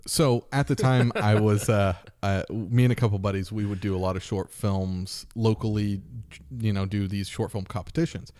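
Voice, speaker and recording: A man's voice: lowish voice, mellow. A man in his thirties, a podcast host, telling a story in a casual chat and acting out the voices of people in it.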